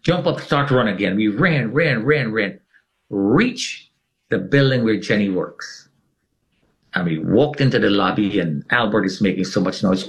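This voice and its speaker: A man telling a dramatic personal story in an interview, speaking with emphatic swings in tone. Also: unhurried. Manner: dramatic, swings his pitch widely for emphasis. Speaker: interview guest.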